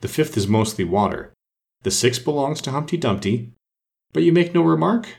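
A man voicing a brisk, commanding but kindly queen in a storybook reading. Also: fairly high pitch, expressive, vocal fry, darkish tone, voice pushed up. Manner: brisk, urging, matter-of-fact.

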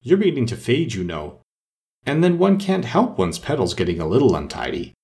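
A man's voice: mid-range voice, huge pitch swings, brisk, a little mellow. A man voicing a prim talking rose who speaks in a faintly condescending storybook manner.

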